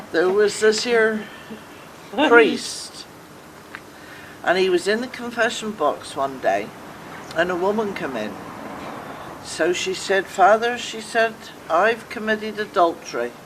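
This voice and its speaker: A woman's voice: mid-range voice, lively intonation, slow, pauses often, slight background noise, low-quality recording. An older woman, telling jokes to friends and briefly voicing each character in a homely way. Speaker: joke teller.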